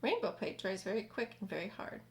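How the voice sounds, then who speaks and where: A woman reading the lines of a quick-thinking young boy in a storybook, in an earnest, urgent manner. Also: medium pitch, lively intonation, darkish tone, slight background noise, close to an everyday voice.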